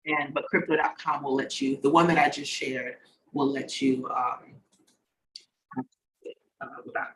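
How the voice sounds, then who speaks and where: Bright, chatty man hosting a video call. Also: mid-range voice, steady tone, measured pace, pauses often, low-quality recording. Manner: slangy, chatty, goes off on tangents. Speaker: online conference host. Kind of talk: casual talk on a video call.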